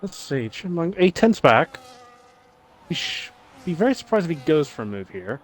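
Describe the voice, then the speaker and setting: Lively, higher-pitched male co-commentator. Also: moderate pace, a little hiss or hum. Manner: casual, laughs easily, analytical. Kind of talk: live sim-racing commentary.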